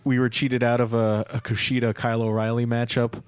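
A man's voice: medium pitch, level tone, brisk, smooth, no echo. A man co-hosting a podcast, rambling through his opinions on wrestling booking with many restarts. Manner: rambling, hedging, restarts a lot when he gives opinions. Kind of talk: casual opinion chat.

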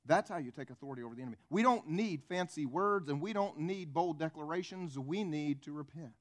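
A man's voice: fairly high pitch, expressive, brisk. A male pastor preaching a conversational sermon full of rhetorical questions and acted-out stories.

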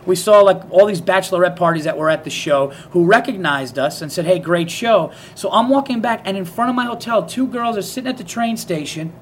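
A man's voice: high voice, fairly quick, hardly any pauses, slight background noise. A man hosting a podcast, telling stories in casual chat, laughing often and acting out the people he quotes. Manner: animated storyteller, laughs often, acts out quotes. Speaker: podcast host.

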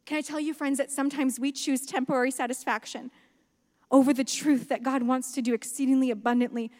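A woman pastor delivers an impassioned sermon in a high voice. She drops to near-hushed tones and then builds to loud, emphatic peaks. Her voice carries a long reverb, as if recorded in a large church hall. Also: fairly quick. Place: church sanctuary.

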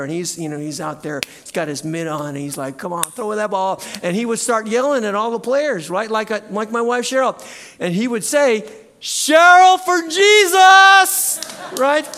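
A man preaching a sermon as pastor in a church, animated and at times shouting out cheers. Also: a little high, brisk. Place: church sanctuary.

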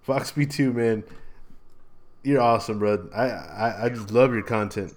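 A man's voice: lowish voice, a little slow. A man hosting a casual podcast, talking in a rambling, laid-back way and tacking "man" and "bro" onto his lines. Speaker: podcast host.

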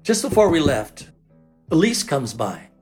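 A man's voice: a little high, measured pace, faint music behind. A man telling a personal story in a loose, casual way, with lots of fillers, who acts out the people he quotes. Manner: animated, acts out the quoted voices; loose and rambling, with fillers like "you know".

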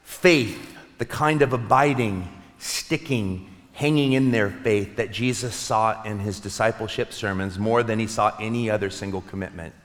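Man, pastor, earnest sermon, soft slowed pauses, echoing sanctuary. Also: fairly low pitch. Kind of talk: Easter sermon. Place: church sanctuary. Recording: long reverb of a large hall.

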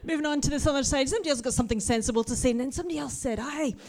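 Lively woman preaching. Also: high-pitched, racing. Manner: animated, drops to a hushed whisper for asides. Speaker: pastor. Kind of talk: lively sermon with personal stories.

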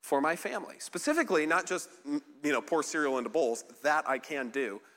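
A man preaches a relaxed, conversational sermon, his bright, lifted voice carrying a lingering reverb from the large hall. He talks in a rambling, self-deprecating way, stopping and restarting with plenty of ums and likes. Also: on the high side, fairly quick. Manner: chatty, self-deprecating, many fillers and restarts. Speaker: pastor. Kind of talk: casual sermon.

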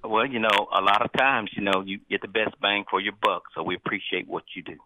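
A man calling in to a sports talk show, nasal from sinus trouble, rambling with halting restarts. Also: lowish voice, steady tone, sharp tone, no echo. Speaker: caller. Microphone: phone. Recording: tinny phone line.

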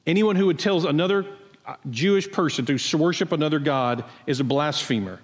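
A man's voice: fairly high pitch, a little fast, long reverb tail, faint music behind. A man preaching a sermon, explaining a passage in a conversational way and asking his listeners pointed questions. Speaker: pastor. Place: church sanctuary.

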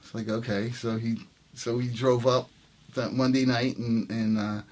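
Speaking a little slowly in a medium-pitched voice, this jazz trumpeter tells a story during a relaxed interview. He's lively, performs the lines people said, and laughs a lot.

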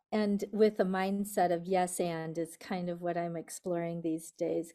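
A woman who is a guest on an interview podcast, speaking in a calm, reflective way. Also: mid-range voice. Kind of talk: interview conversation.

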